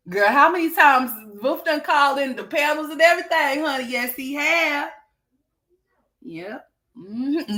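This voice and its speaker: Brief: high-pitched woman host, sassy gossip commentary, teasing, laughs often. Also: bright, forceful tone. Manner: sassy, teasing, laughs a lot, calls people girl and honey. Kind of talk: gossip commentary over played clips.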